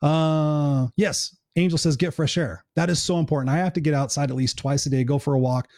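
A man's voice: fairly high pitch, fairly even intonation, brisk, darkish tone, no echo, clean studio sound. A middle-aged man hosting a live show in casual chat, earnest and encouraging, swearing now and then.

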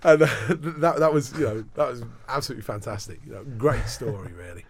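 A man being interviewed as a sports broadcaster, telling animated anecdotes in a casual chat, often restarting his sentences. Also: mid-range voice, quick pace, slightly rough, no room sound.

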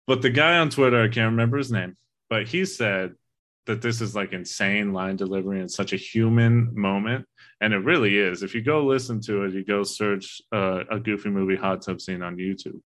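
A man's voice: lowish voice, brisk, a bit bright. A man in casual podcast talk, animatedly retelling a film scene and quoting its lines, with the odd swear.

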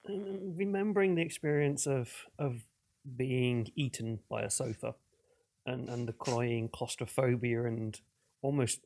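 A man speaking as a player in a tabletop role-playing game. His voice has a gravelly edge, and he describes his moves earnestly, with hesitant pauses. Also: mid-range voice, darkish tone.

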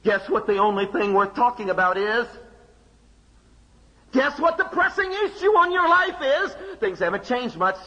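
A man preaching a sermon, emphatic, with rhetorical questions and dramatic pauses. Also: very high-pitched, big pitch swings, pushed and bright, muffled recording. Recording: long hall reverb.

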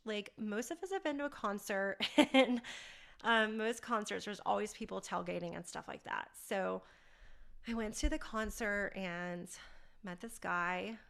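A woman's voice: medium pitch, gravelly, a bit bright. A woman hosting a podcast, telling a personal story candidly and with animation. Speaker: podcast host.

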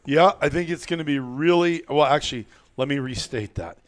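A man's voice: fairly high pitch, fairly quick. A man hosting a podcast in casual chat, rambling and chuckling, often restarting his sentences. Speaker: podcast host.

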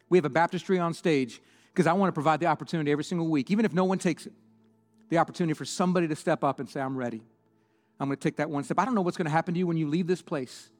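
A male pastor giving an impassioned sermon and altar call in a church, swinging between loud preaching and hushed prayer. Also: a little high, big-room sound. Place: church auditorium.

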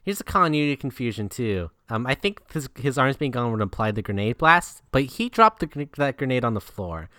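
A man's voice: medium pitch, big pitch swings, a little fast, hardly any pauses, sharp tone, dry recording. A man co-hosting a casual movie review chat, making dry, wry remarks. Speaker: podcast co-host.

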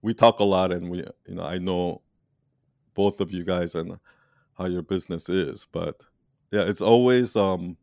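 Low-ish guy rambling in a casual chat, laughs a lot, dry close sound. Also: measured pace, gravelly, dry recording. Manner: animated, rambling, laughs often. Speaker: online community leader. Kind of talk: casual conversation.

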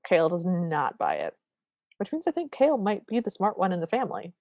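A woman's voice: fairly low pitch, wildly swooping pitch, fairly quick, darkish tone, no echo. A woman co-hosting a podcast, casually recapping a movie scene by scene and acting out the characters' lines. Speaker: podcast co-host.

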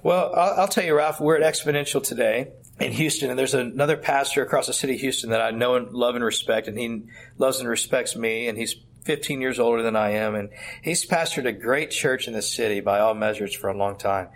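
A man's voice: mid-range voice, fairly quick. A middle-aged man, a pastor, giving earnest interview answers and telling stories with quoted dialogue. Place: at a church conference.

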